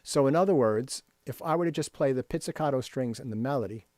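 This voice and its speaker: A man's voice: mid-range voice, fast. A man teaching a workshop on rhythm for composers, explaining at his computer and scatting rhythms aloud, often checking in with "right?". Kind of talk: screen-share music lesson. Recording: dry close recording with faint music.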